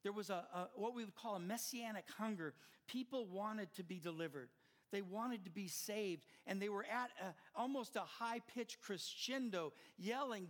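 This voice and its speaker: Older guy pastor giving a sermon, high voice, gets fired up and loud at the big moments. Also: moderate pace. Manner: impassioned preaching, swelling louder at climaxes.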